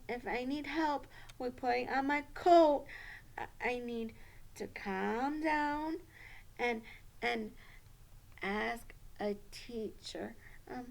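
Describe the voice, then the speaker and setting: A woman's voice: high-pitched, creaky, heavily acted. A woman voicing an anxious young schoolgirl puppet in a children's puppet show, stammering and squealy.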